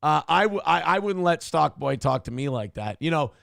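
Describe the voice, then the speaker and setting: A man co-hosts a loose morning talk show, joking around and needling his partner. His voice sits a bit high for a man and has a gravelly, fry-laden edge. The sound is dry and close. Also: sing-song, moderate pace, a bit bright, no echo. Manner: teasing, joking, reads chat comments aloud. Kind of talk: casual banter show.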